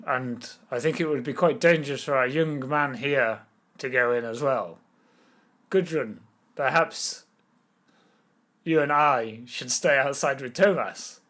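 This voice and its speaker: A confident war leader, as a man plays him at a tabletop game. He speaks loudly and declaims his plans. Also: mid-range voice, expressive, takes it slowly, pauses often. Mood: commanding. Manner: commanding, declamatory.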